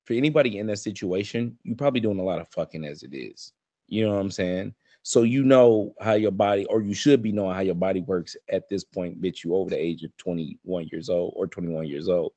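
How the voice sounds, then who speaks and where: A man, co-hosting a casual podcast chat and ranting in a profane, animated way. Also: low voice, brisk, no room sound. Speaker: podcast co-host.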